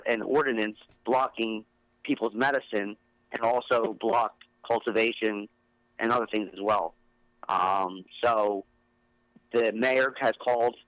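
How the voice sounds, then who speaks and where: A man with a Philadelphia accent hosts a casual podcast chat, rambling and restarting his sentences. His voice sits at an ordinary pitch, and the sound is dry and close, with no room echo. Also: a bit bright. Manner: rambling, many fillers and restarts. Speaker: podcast host.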